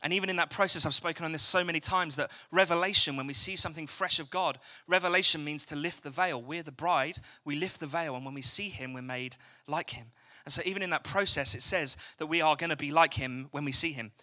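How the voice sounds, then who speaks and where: A young Englishman with a fairly high voice preaches a chatty evening sermon in a church hall, joking and quizzing the congregation. He talks fast with hardly any pauses, and his tone is bright and forceful.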